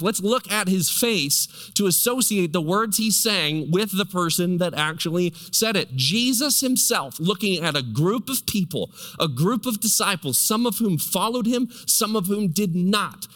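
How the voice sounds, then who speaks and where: A male pastor with a fairly high voice preaches in a big hall whose sound rings out in a long tail. He fires rhetorical questions at his listeners and draws out the words he wants to land. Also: lively intonation, fairly bright tone. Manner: emphatic, rhetorical questions to the congregation; stretches key words slowly for emphasis. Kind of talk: sermon.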